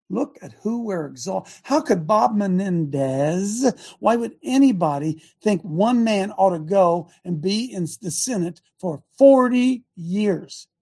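A man hosting a preaching talk show as a pastor, sarcastic and bursting into shouts. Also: sits high, creaky, breathy edge. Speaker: pastor and radio host.

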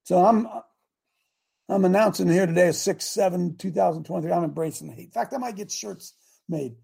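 A man's voice: sits high, a little fast, vocal fry, warm tone, breathy edge. An older man hosting a live show, preaching emphatically and calling on his audience to answer. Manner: emphatic, exclamatory, calls out to the audience. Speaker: host and preacher. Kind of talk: fiery live-show sermon.

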